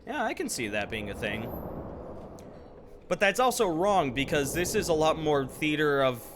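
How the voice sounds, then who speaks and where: A man's voice: fairly high pitch, sing-song, moderate pace, noisy background. A man streaming live, chatting casually while gaming and rambling with lots of fillers. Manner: rambling, with frequent ums and likes.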